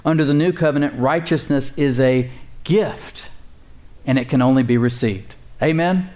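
A man preaching a sermon as pastor, calling out to the congregation and slowly repeating key phrases. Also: mid-range voice, a little mellow.

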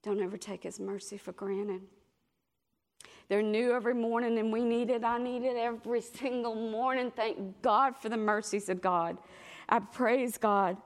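A middle-aged woman preaching a sermon, telling stories in a lively way and acting out the voices of the people she quotes. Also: a little high, moderate pace. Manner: animated storytelling, acts out quoted voices.

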